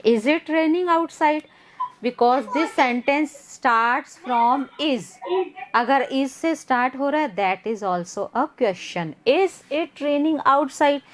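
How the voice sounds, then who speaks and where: A woman's voice: high-pitched, normal speed, a little hiss or hum. A young woman with an Indian accent teaching a grammar class, mixing Hindi and English and repeating words to drill them. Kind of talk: online class lesson.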